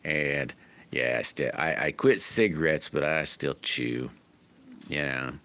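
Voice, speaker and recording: Folksy deep-voiced middle-aged man. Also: slow pace, sharp tone. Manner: folksy, rambling, with many restarts. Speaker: livestream host. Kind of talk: casual livestream chat answering viewers.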